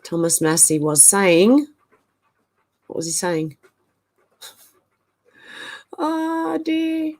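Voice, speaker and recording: A woman's voice: deep voice, takes it slowly, long pauses, darkish tone. A woman hosting a casual livestream, reading out viewer comments and thinking aloud with hesitant asides. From Australia.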